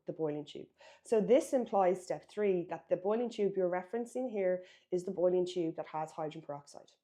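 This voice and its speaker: A woman's voice: fairly low pitch, mellow. A woman from Ireland teaching a biology exam revision lesson, emphatic and correcting herself as she writes. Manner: instructive, emphatic, self-correcting while writing.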